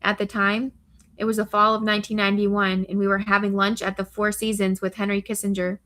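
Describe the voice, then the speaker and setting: A woman voicing a cool, dry-witted American FBI agent about to turn fifty, who jokes in an unhurried, deadpan way. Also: medium pitch, natural voice.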